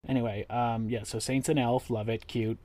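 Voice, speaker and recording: A man hosting a podcast in casual chat, talking loosely and profanely, slipping into quick impressions. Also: mid-range voice, fairly even intonation, crowd noise. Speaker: podcast host.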